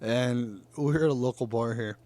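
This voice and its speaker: A man's voice: medium pitch, moderate pace. A man hosting a casual podcast chat who swears freely, laughs a lot and tells stories with energy. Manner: profane, laughs often, animated storyteller. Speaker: podcast host. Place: northern California.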